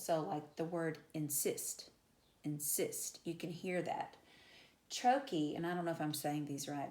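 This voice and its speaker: English teacher lady explaining stuff in class, kinda low voice, lots of um, echoey room. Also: darkish tone. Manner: conversational, with fillers and repeated example words. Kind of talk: classroom lecture at a whiteboard.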